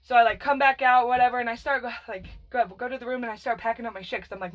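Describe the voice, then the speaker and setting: A woman's voice: high-pitched, expressive, fast, hardly any pauses, fairly bright tone. A woman telling a personal story in a casual, blunt, profane way, rambling with fillers. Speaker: vlogger telling her life story.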